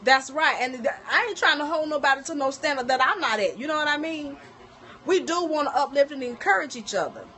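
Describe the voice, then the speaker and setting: A middle-aged woman livestreams from her home kitchen, chatting informally, spinning lively stories, and calling her audience "y'all." She speaks briskly in a high voice.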